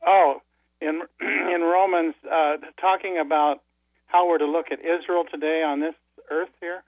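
A man's voice: on the high side, steady tone, a little slow, dry recording. A man calling in to a radio show, talking hesitantly with many fillers. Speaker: caller. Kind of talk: phone-in call. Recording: tinny phone line.

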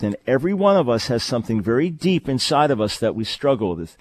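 A man hosts a call-in radio show, talking fast and with lots of animation at a medium pitch. He's earnest and emphatic, repeating phrases for stress as he gives advice and makes announcements.

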